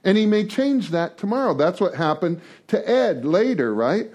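A man with a high, sing-song, somewhat dark voice leads a twelve-traditions study series at a moderate pace. He talks informally to the recovery group, cracking jokes and repeating words while thinking aloud.

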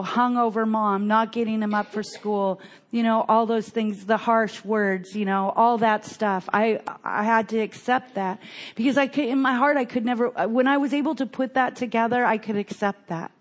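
An older woman telling her personal recovery story in an earnest, halting way, often restarting her sentences. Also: fairly high pitch.

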